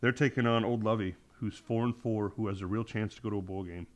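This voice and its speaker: A podcast co-host with a lowish voice talks fast, his intonation fairly even. Hiccups trouble him as he discusses games on a casual sports chat, rambling, reflecting and revising his points as he goes.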